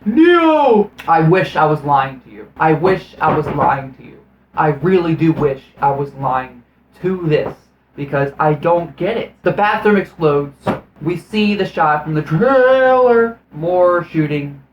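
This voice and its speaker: A man's voice: on the high side, measured pace, echoey room, lo-fi sound, slight background noise. A man giving a casual film review in a profane, sarcastic, exasperated rant. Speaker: movie reviewer.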